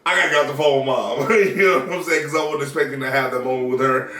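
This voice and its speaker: A man from the Southern US, a vlogger who's just become a father, races through a story in a casual vlog chat, laughing and swearing without restraint. His mid-range voice is pushed and bright, with fairly even intonation. The mic is distant in an echoey room.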